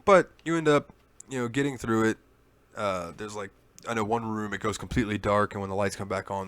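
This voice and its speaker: A man's voice: lowish voice, fairly bright tone. A man co-hosting a gaming podcast, telling a long story in casual chat and swearing freely. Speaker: podcast co-host.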